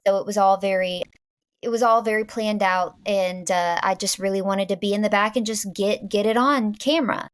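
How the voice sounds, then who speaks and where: A woman from Virginia talks in a relaxed interview with a light Southern accent. She rambles and restarts, scattering "like" through her sentences as she feels her way to each point. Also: medium pitch, moderate pace, clean tone. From Virginia, USA. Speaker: guest filmmaker. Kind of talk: casual interview chat.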